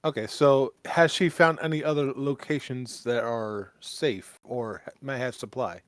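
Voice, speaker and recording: A man's voice: mid-range voice, a little slow, dry recording, clean studio sound. A man playing a tabletop game who jokes and laughs easily while asking the game's questions. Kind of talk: casual tabletop game play.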